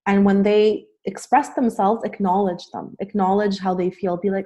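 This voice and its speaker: A young adult woman speaks as a podcast guest in an earnest, encouraging way. Her pitch sits in the middle range, and her talk is loose and full of fillers. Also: fairly even intonation, normal speed, few pauses, warm tone. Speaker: podcast guest, life coach. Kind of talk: casual podcast conversation.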